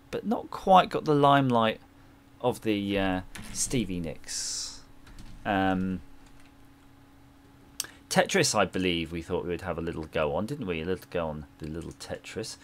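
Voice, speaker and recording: A man's voice: lowish voice, unhurried. A man streaming retro games, chatting casually and rambling jokily with viewers while he plays, over a noisy background hum. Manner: jokey, rambling, chats with viewers. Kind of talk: casual livestream chat while gaming.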